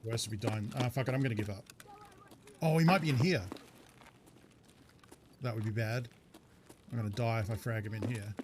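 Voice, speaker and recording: A man's voice: mid-range voice, a little fast, pauses often, background noise. A male streamer giving casual live commentary while playing a shooter, muttering his thoughts aloud and swearing now and then.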